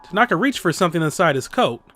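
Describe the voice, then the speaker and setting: Lively, amused male gamer. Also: a little high, fast. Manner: amused, playful reading. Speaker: let's play host. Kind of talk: casual game commentary and reading aloud.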